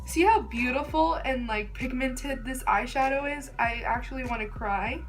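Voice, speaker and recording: Music plays in the background as a young beauty vlogger, voice sitting high and pace moderate, talks casually through a makeup tutorial. She gushes and fills her sentences with "like."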